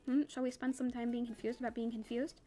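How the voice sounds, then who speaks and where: Confusion, a quizzical personified emotion, voiced by a woman reading aloud, coaxes in a bright, rapid voice. Each question rolls into the next. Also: fairly high pitch, flat delivery, natural voice. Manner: coaxing, quizzical.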